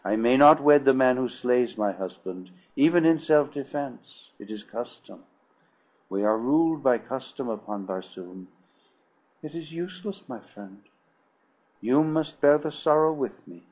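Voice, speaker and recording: A man voicing a young Martian princess in an audiobook, formal and measured in her sorrow. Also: medium pitch, animated, a little mellow, lo-fi sound. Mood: sorrowful. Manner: formal, measured, old-fashioned speech. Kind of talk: audiobook reading.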